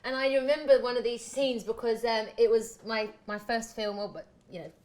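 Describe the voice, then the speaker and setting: A woman's voice: fairly high pitch, steady tone, normal speed, a little mellow, rough recording. A woman hosting a casual interview, enthusiastic and encouraging toward her guest. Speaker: host. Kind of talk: casual chat.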